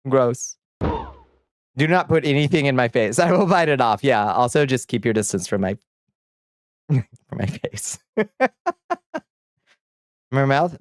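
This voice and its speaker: Studio-quality audio with no echo captures a man of medium pitch. On his livestream the streamer reads viewers' comments aloud, fires back profane, blunt jokes, and keeps laughing as he chats casually.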